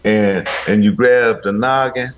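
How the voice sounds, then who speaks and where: A man's voice: fairly low pitch, fairly even intonation, a little slow. An older man co-hosting a radio chat show, telling folksy, joking stories. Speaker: radio co-host. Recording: dull, lo-fi sound.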